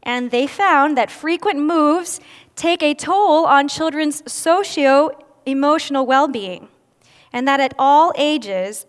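High-voiced woman in a reverberant hall. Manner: candid, self-deprecating humor. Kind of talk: personal testimony talk. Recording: long reverb of a large hall.

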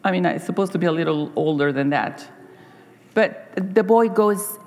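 A middle-aged woman giving a sermon as a church speaker, telling stories in a halting way, repeating words and acting out story voices. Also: on the low side, darkish tone, in a large hall.

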